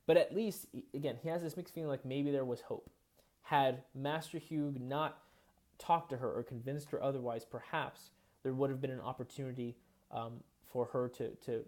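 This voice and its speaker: A college instructor lectures at a mid-range pitch for a man, explaining patiently. He thinks aloud, with many fillers, repeated words and restarts. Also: darkish tone. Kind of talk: recorded online lecture.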